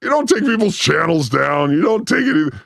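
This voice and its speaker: Laughing, animated high-voiced man. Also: normal speed, creaky, no echo, studio quality. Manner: laughs often, loud and animated, mimics others. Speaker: podcast co-host. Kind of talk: casual reaction chat.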